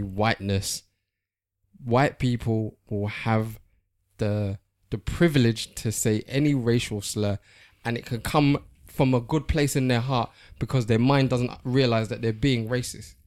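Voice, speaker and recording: A man in a casual podcast discussion, arguing a point deliberately in long sentences. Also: mid-range voice, darkish tone.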